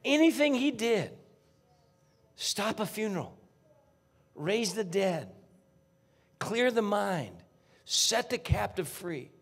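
A man preaching a fervent sermon as a guest pastor in a church, talking folksy and straight to the congregation, dropping to hushed whispers and rising to near shouts. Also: high-pitched, big pitch swings, slow pace, gravelly, pauses often, slightly rough. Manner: folksy, addresses congregation directly. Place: church sanctuary.

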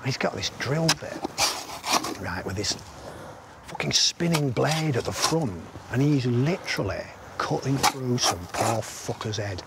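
A man's voice: medium pitch, animated, a little slow, vocal fry, very noisy. An actor playing a blunt, middle-aged army veteran who swears constantly and rambles through grim stories, asking "right?" as he goes. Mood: grim storytelling. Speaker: soldier telling a war story. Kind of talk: film drama acting.

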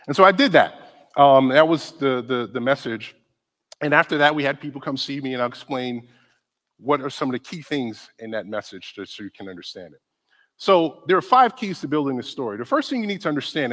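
A man giving a conference talk on church ministry, conversational and animated, often asking the audience questions. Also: mid-range voice. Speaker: conference speaker on disability ministry. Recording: long hall reverb.

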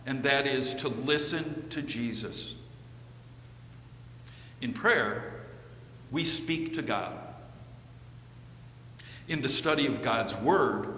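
A man preaching a sermon in a measured way, with the odd filler. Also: mid-range voice, sharp tone. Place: church sanctuary. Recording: echoey church with long reverb, faint hum.

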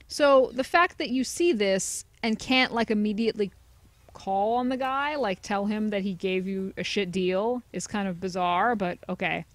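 A woman's voice: medium pitch, moderate pace, no room sound. A woman giving casual, chatty commentary over a video game playthrough, sarcastic and swearing freely. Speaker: let's play commentator. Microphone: desk USB headset mic.

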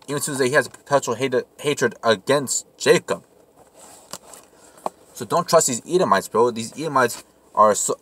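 A young man with a bright, sharp voice teaches casually from scripture. He reads old verses haltingly with small slips, then drops into relaxed slangy commentary. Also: mid-range voice, slightly rough. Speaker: Bible teacher.

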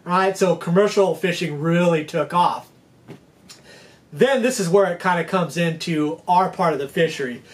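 High-voiced chatty fishing host. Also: male voice, moderate pace. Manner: chatty, rambling, checks in with "okay?". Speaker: fishing guide and channel host. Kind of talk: casual storytelling lesson.

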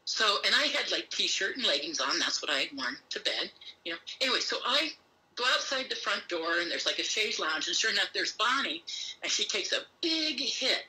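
A woman guest recounting an experience in an interview, acting out what others said with sudden pitch jumps and many fillers, talking while pacing on a call. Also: big pitch swings, normal speed, sharp tone, rough recording. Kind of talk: animated storytelling in an interview. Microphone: phone or remote call while pacing.

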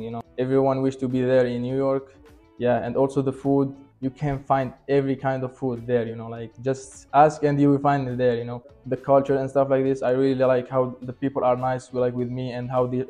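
A man's voice: medium pitch, mellow. A young man with an Algerian accent, a football player giving casual, hesitant interview answers full of fillers. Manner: hesitant, many fillers like "like" and "you know".

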